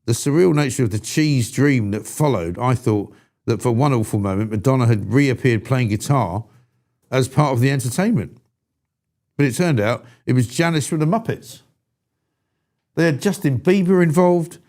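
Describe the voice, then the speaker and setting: A man's voice: medium pitch, moderate pace, a little mellow. A man hosts a live talk show, blunt and irascible. He rants about what annoys him with plain exasperation, then reads out viewer messages in the same blunt, chatty way. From England. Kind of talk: opinionated live show chat.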